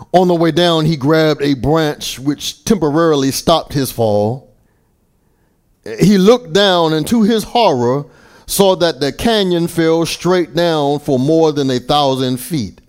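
Slow, deliberate male preacher. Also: mid-range voice, darkish tone. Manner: deliberate, emphatic preaching with small stammers. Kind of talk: sermon.

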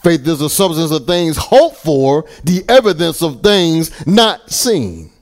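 A man preaching a sermon, deliberate and emphatic, with occasional small stammers and restarts. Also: fairly high pitch, very animated.

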